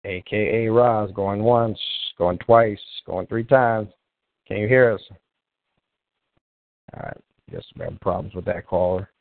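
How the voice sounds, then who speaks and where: A man's voice: lowish voice, a little slow, gravelly, long pauses, no echo. A man hosting a live call-in show in a casual, rambling way, often restarting as he tries to reach callers. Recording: tinny phone-line sound, dry.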